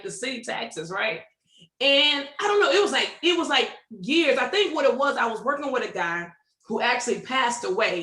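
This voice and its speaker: A woman from Detroit with a Detroit accent, hosting and telling a story in casual chat over a video call, animated and laughing as she acts out what people said. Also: on the high side, reverberant. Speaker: host.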